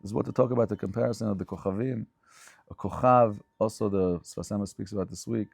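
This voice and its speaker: A man's voice: fairly low pitch, steady tone, fast, vocal fry, darkish tone, dry recording, studio quality. A man giving a Torah lecture as a rabbi, speaking fervently and emphatically and repeating phrases for stress.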